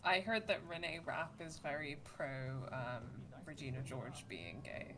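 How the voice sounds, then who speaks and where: A woman's voice: low-pitched, lively intonation, measured pace, noisy background. A woman co-hosting a let's play, chatting casually and teasing her partner while making outspoken political asides. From United Kingdom. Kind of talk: casual chat over gameplay.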